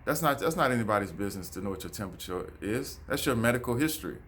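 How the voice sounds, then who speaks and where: A man's voice: lowish voice, lively intonation, quick pace, a bit bright, slight background noise. A man, giving a preachy, repetitive vlog monologue and calling his viewers folks. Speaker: vlogger. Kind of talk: casual monologue to camera. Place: outdoors near a road.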